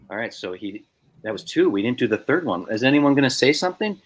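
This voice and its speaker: Male filmmaker guest, casual, animated anecdote-telling, mid-pitched voice. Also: quick pace. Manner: animated storyteller, acts out voices.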